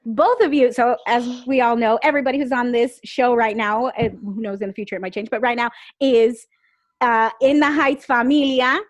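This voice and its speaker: Woman cohost keeping things moving, higher voice, dry sound. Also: normal speed, no echo. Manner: earnest, steering the talk. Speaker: co-host. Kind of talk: casual video-call chat.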